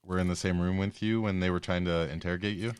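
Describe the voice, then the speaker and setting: A low-voiced man hosts a podcast interview in a dry, close sound. He asks probing questions and affirms often. He fills his speech with "like". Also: steady tone, quick pace, clear, resonant tone, no echo. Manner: probing, affirming, uses filler "like". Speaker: podcast host. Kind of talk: interview conversation.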